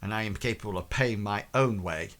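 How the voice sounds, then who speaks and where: A proud, dignified gentleman who talks in a stiff, formal manner, his voice lower and quieter than the narration, as a man puts him on. Each word sounds deliberate and proper. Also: natural voice.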